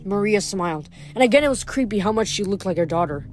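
A woman reading a novel aloud in steady storytelling, with small slips, faint music behind. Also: medium pitch, fast talker, hardly any pauses. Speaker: reader.

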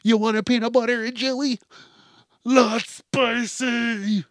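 A man putting on a high, mocking whine to imitate a complaining wife. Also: flat delivery, slow, dry recording, studio quality, full character voice. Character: whiny complaining wife, mocked.

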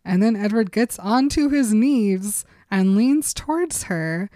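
A woman in casual podcast chat, retelling a book scene with lively acted-out quotes. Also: medium pitch, slow pace, dry recording. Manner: animated retelling, acting out quotes with laughs. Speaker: podcast co-host recapping a book.

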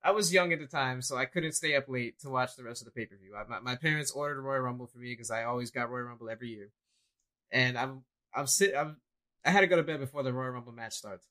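A young adult man co-hosting a casual chat, an animated storyteller who acts out what people said. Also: mid-range voice, fast. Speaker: co-host.

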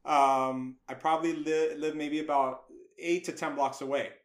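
A man's voice: on the high side, fairly even intonation, normal speed, reverberant. A middle-aged man from the United States, a guest animator on a podcast, telling a story with acted-out voices, frequent laughs and casual swearing.

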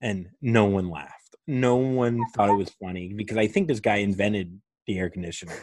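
A man's voice: on the low side, moderate pace, a little mellow, no room sound. A male comedian hosting a casual podcast, spinning a long rambling story full of swearing. His voice is recorded dry and close, with no room sound around it.

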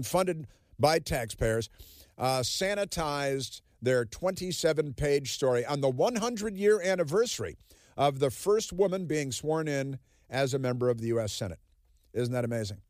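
A man's voice: medium pitch, darkish tone, no room sound, clean studio sound. A man hosting a political talk radio show, sarcastic and combative. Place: radio studio. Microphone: studio microphone.

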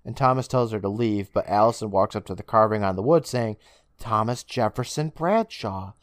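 A man co-hosting a casual podcast, retelling a TV episode scene by scene with swearing and quick character imitations. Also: lowish voice, dry recording, clean studio sound. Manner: animated, swears, mimics characters while recapping. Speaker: podcast co-host recapping an episode.

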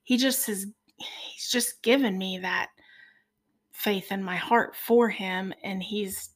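A middle-aged woman speaking as a podcast guest in a heartfelt faith conversation, earnest and soft-spoken. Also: medium pitch, takes it slowly.

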